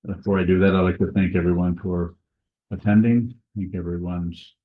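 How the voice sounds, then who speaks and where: A man giving a Dharma talk as a Buddhist teacher, speaking slowly and haltingly with many pauses and restarts, in a monastery meditation hall. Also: deep voice, fairly even intonation. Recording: echoey, dull room recording.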